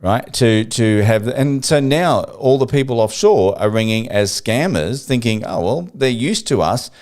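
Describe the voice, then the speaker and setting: A man's voice: mid-range voice, expressive, moderate pace, a little mellow. A man, co-hosting a podcast in a chatty, jokey way, acting out phone calls. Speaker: podcast co-host. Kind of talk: casual chat.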